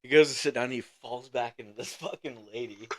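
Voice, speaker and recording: A man's voice: medium pitch, a little fast. Laid-back profane young man telling a story. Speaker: podcast co-host. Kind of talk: casual storytelling.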